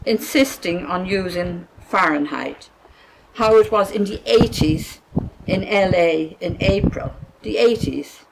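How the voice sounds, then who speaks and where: A woman's voice: medium pitch, vocal fry, slight background noise, low-quality recording. A woman with an Irish accent reading her own short story aloud in a dry, wry manner.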